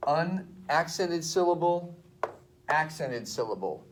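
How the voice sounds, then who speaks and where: A male teacher walks his students through a writing assignment. He talks in an easygoing, chatty way and sounds out rhythms aloud at a middle pitch. A faint hiss of background noise sits under the voice. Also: normal speed. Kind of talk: classroom lesson explained at a board. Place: classroom.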